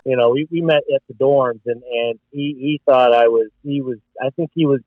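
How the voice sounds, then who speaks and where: A man's voice: medium pitch, steady tone, moderate pace, dry recording. Laid-back male guest with a muffled sound. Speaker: podcast guest. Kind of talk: casual chat.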